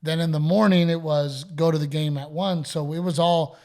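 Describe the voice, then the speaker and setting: Texan man telling stories, slightly high. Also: fairly even intonation, normal speed, dark tone. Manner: storytelling, quotes others, laughs often. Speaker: podcast host. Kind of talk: casual chat.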